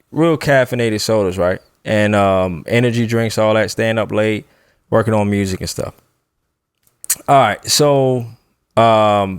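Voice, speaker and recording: A man telling a story in casual chat, animated and laughing often, acting out the voices of the people in it. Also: fairly low pitch, clean tone, no echo, clean studio sound.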